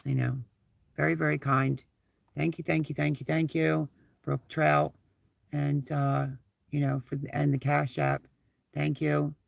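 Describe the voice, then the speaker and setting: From inside his SUV, a man runs a casual live stream, thanking viewers over and over and rambling chattily from one story to another. His voice is heavily gravelly with deep fry and a little high for a man, and the sound is dry and close with no echo or room around it.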